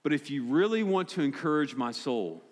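In a church sanctuary, a pastor whose voice sits on the high side preaches at normal speed with lively intonation. He stays direct and emphatic, repeating his key points, while a long hall reverb fills out the recording.

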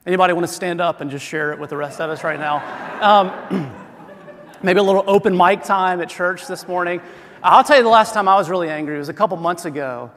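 A man's voice: high voice, brisk, a bit bright. A middle-aged man preaching a sermon as pastor, in a conversational way with self-deprecating humor, in a church sanctuary. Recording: long hall reverb.

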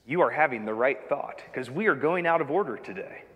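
A man preaching a sermon as pastor, reading scripture with measured delivery and dramatic emphasis on quoted lines. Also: medium pitch, lively intonation, lo-fi sound. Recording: long hall reverb.

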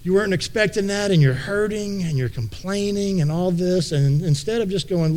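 A man's voice: high voice, normal speed, a little mellow. A male pastor preaching a conversational sermon in a folksy way, often repeating words as he thinks aloud.

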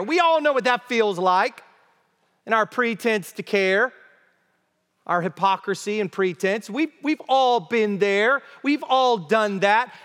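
A high-voiced man delivers an expository sermon at a slow, deliberate pace. He is emphatic and repeats key phrases for weight. His voice carries a long reverb, as if he is in a large hall. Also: a bit bright. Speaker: preacher.

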